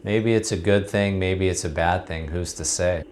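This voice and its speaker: A serene old farmer who shrugs everything off, as a man puts him on low and soft-spoken. He answers evenly and quietly, never rattled. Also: moderate pace, a little hiss or hum, natural voice. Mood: calm. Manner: calm, unbothered shrugging replies. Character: calm wise old male farmer.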